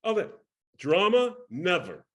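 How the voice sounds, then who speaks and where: With a high-sitting voice and a measured pace, an older man tells a career story as a guest in a casual interview. He's a lively storyteller who acts out quoted voices and restarts many times.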